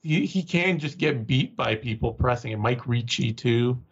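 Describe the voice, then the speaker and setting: A man co-hosting a podcast, talking through fighters and betting odds analytically and leaning on filler words. His voice is mid-pitched. The recording sounds dull and lo-fi. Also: animated, normal speed, husky. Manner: analytical, full of "you know" fillers. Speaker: podcast co-host. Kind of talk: casual fight-analysis chat.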